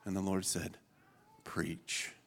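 A man's voice: lowish voice, a little slow. Earnest, laughing man in his forties preaching. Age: 40s. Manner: earnest and emotional, often breaking into laughter. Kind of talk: sermon.

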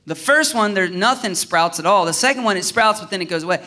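A man's voice: sits high, quick pace. A male pastor from Southern Ohio preaching a sermon in a casual, conversational way, acting out little dialogues. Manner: animated, acts out little dialogues in voices.

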